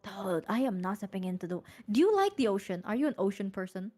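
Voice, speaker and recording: A woman's voice: medium pitch, very animated, fast, warm tone, soft background music. A woman streamer chatting casually over drinks, rambling dramatically and talking to her chat.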